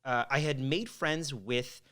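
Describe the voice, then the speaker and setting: A man's voice: mid-range voice, slow, sharp tone. A man in his thirties from Quebec, a guest telling his story in a rambling, candid way and swearing freely. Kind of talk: casual storytelling interview.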